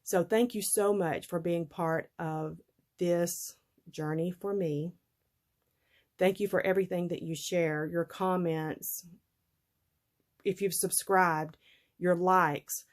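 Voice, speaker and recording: Chatty woman, low voice. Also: fairly even intonation, slow, long pauses. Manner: chatty, laughs often, folksy. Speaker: vlogger. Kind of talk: casual chat to viewers.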